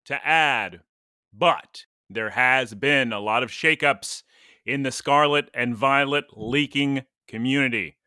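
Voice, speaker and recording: A man co-hosting a podcast in relaxed, rambling chat, quick to laugh at his own asides. His voice is bright and forward. The sound is dry and close to the mic, with no room echo. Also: medium pitch, clear, resonant tone. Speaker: podcast co-host. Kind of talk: casual chat.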